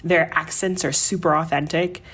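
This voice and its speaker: Lively Jamaican-born woman telling stories. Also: low-pitched, moderate pace, breathy edge. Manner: animated, laughing, acts out quoted voices. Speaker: podcast guest. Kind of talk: casual storytelling.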